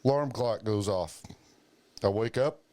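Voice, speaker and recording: A man's voice: lowish voice, a little slow, mellow. A man hosting a podcast, telling profane stories in casual chat and acting out the voices of the people he quotes. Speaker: podcast host.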